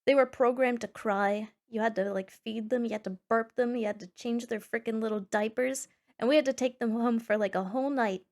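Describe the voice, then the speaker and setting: A young woman streamer reading forum posts aloud and reacting in a sarcastic, animated way, with sudden loud squeals. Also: a little high, a little fast, hardly any pauses. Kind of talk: casual reaction chat.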